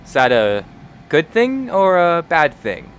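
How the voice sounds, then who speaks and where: A man's voice: on the high side, wildly swooping pitch, slow, a bit bright, a little hiss or hum, voice pushed up, exaggerated voice. A man voicing a young tiefling woman who asks polite, probing questions. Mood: curious.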